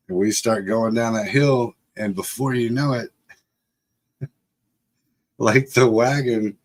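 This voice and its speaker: A middle-aged man with a fairly low voice tells a rambling childhood tale to his live stream audience. He swears freely and keeps breaking into laughter as he talks. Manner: profane, laughs often while telling. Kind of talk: casual storytelling. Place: home setup for a live stream.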